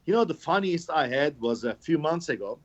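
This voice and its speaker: A man with a fairly high voice tells stories on a casual podcast. He is sarcastic and profane and mocks people as he goes. The sound is muffled and lo-fi. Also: expressive, brisk. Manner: sarcastic storyteller, swears a lot. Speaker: knifemaker, podcast guest. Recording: dull lo-fi podcast recording.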